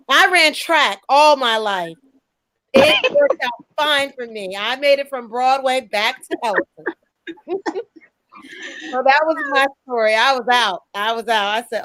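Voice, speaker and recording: A woman's voice: a little high, moderate pace, no echo, low-quality recording. A young woman, a show host telling a story in casual chat and acting out the voices she quotes. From New Jersey. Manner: lively, acts out quoted voices.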